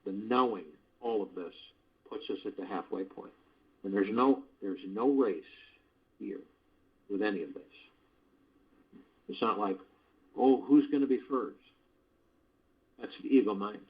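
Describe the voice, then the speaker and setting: On a dull, lo-fi conference line, a man talks through a phone as he leads a meditation call. His voice is on the low side and moves at a normal speed with long pauses, and his spiritual teaching comes across folksy and conversational, full of rhetorical questions.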